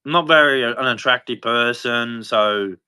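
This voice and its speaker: A man speaking in an unscripted personal monologue, halting and rambling with frequent restarts, sounding weary and despondent. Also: mid-range voice, sharp tone, clean tone. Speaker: livestreamer.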